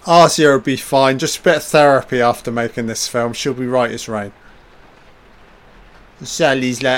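A man's voice: mid-range voice, fairly even intonation, moderate pace, pauses often. A man giving a casual, sarcastic and profane commentary over a film, tossing off laid-back asides.

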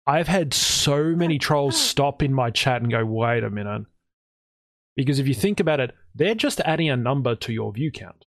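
A man hosting a casual chat show, telling stories in an animated way and jumping into high, excited voices when he quotes himself. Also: moderate pace, no room sound. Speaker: podcast host and streamer.

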